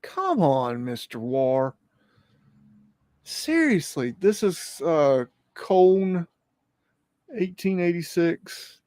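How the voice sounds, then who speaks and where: A man hosts a casual livestream, excitable and rambling, with plenty of swearing. His voice sits a little high for a man. The sound is close and dry. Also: extremely slow, pauses often, no echo. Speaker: livestream host.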